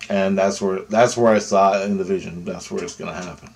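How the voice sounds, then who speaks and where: A man's voice: low-pitched, steady tone, a little fast, gravelly, few pauses, breathy edge. A man vlogging a personal story to camera in a loose, rambling way, full of asides.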